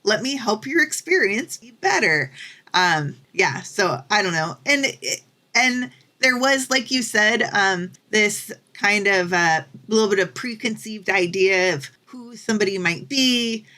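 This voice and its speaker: A young woman co-hosting a podcast, chatting casually with lots of fillers and lively quoted voices. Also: medium pitch, measured pace. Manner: chatty, many fillers, animated when quoting people. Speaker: podcast co-host. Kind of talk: casual chat.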